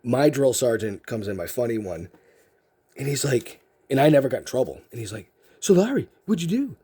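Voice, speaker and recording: Husky-voiced man rambling through a story. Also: medium pitch, brisk, dark tone. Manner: rambling, many fillers and restarts. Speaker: card collecting video host. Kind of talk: casual storytelling.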